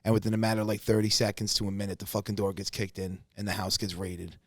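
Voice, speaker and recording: A man's voice: fairly low pitch, fast talker, no room sound, clean studio sound. A man co-hosting a podcast, telling a story in casual chat, swearing freely and acting out quotes. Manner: profane, animated storyteller who acts out quotes loudly. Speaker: podcast co-host.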